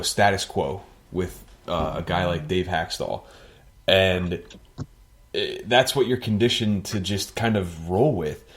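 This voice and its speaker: Fan co-host, man with a fairly low voice, lively and jokey, chatting casually about his team. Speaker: sports podcast co-host. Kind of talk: casual sports chat.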